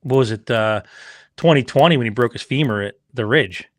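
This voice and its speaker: Animated, swearing man telling stories. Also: mid-range voice, brisk, no room sound, studio quality. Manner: animated storyteller, acts out quotes, swears freely. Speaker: racing team owner and father of a rider. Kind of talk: casual podcast chat.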